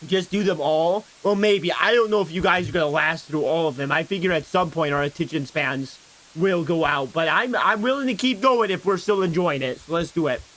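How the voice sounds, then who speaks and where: A young man livestreams in a loose, playful way, chatting and cracking jokes between attempts at mimicking lines. His voice sits high for a man. He keeps the talk relaxed and quick to laugh. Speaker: streamer. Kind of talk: casual livestream chat, imitating game voice lines.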